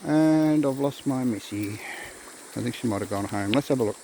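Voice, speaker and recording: Filming himself on his phone beside a creek, a man rambles casually and chats with his dogs at a moderate pace. His mid-range voice has a dark tone, and the low-quality vlog audio picks up faint outdoor noise and nature sounds.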